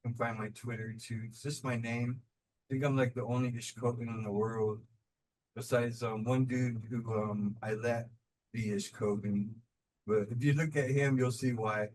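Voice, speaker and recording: A man from New Mexico, an artist guest talking casually on a video call, relaxed and rambling with many fillers and repeated words. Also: medium pitch, normal speed, low-quality recording. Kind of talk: casual online talk.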